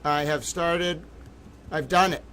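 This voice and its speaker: A theatrical, excitable man hosting a livestream, his voice bright and forceful, pitched a little high. He swings from low mutters to sudden loud outbursts. Faint ambient noise sits behind him. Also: takes it slowly. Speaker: livestream host. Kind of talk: livestream commentary.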